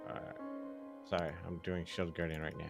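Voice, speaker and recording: A male tabletop player with a low voice and an easygoing, chatty manner. Music plays clearly in the background. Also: little pitch movement, a little fast. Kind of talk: casual tabletop play.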